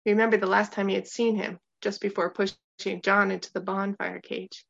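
A woman narrating a story in a measured, steady storytelling manner, on a dull lo-fi recording. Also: medium pitch, vocal fry.

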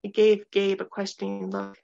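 A woman narrating a story in a measured, steady storytelling manner, on a dull lo-fi recording. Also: medium pitch, vocal fry.

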